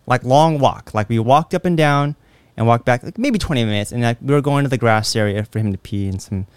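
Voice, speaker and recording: A man's voice: medium pitch, brisk, clear, resonant tone, no room sound. A man hosting a podcast, telling stories in casual chat with plenty of fillers. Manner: animated storyteller who acts out quotes; lots of fillers. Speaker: podcast host.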